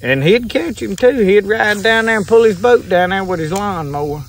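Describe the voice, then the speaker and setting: A man's voice: sits high, animated, moderate pace, gravelly, a bit bright, a little hiss or hum. A man with a Southern US accent talking casually from a kayak on a pond, folksy and rambling, chuckling as he goes. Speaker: fishing vlogger. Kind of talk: casual outdoor talk to camera. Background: insects and crickets.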